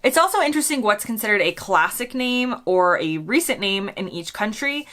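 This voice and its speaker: A bright-toned American woman in her thirties talks to camera in a casual vlog, her pitch jumping around a lot. She is chatty and quick to poke fun at herself. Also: very animated. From United States. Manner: chatty, self-deprecating, often laughing at herself. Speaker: vlogger.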